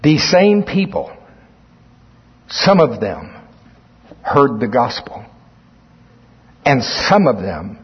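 A man's voice: mid-range voice, very animated, extremely slow, long pauses, breathy edge. A man preaching a sermon, reading scripture aloud and explaining it, with emphatic swells in volume. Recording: muffled lo-fi recording in a reverberant hall.

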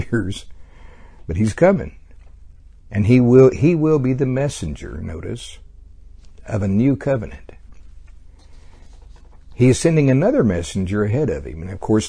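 A man's voice: lowish voice, mellow, slightly rough. A man teaching a casual Bible study lesson, talking in a conversational way with frequent fillers and small chuckles.

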